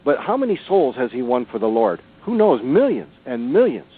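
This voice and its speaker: A man's voice: medium pitch, sing-song, moderate pace, breathy edge. A man in his sixties, a guest on a radio show, telling stories in an earnest, emphatic way over the phone. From Southern California. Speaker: author and researcher guest. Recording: tinny phone line.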